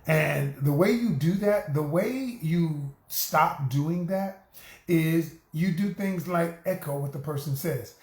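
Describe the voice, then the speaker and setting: A middle-aged man, a relationship coach and host, giving an animated, preachy motivational talk and calling his listeners y'all. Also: a little high, slow, echoey room.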